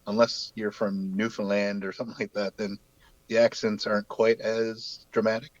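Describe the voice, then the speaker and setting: A man's voice: fairly low pitch, little pitch movement, normal speed, dry recording, lo-fi sound. A man in his forties from New Brunswick, Canada, with a light local accent, chatting easily and rambling with plenty of fillers as a guest artist. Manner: easygoing, rambling with many fillers. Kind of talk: casual video-call chat.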